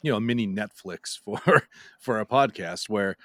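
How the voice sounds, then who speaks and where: Easygoing Minnesotan man, low voice. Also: normal speed, pushed and bright, dry recording, clean studio sound. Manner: easygoing, laughs often. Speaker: podcast guest. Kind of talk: casual podcast chat.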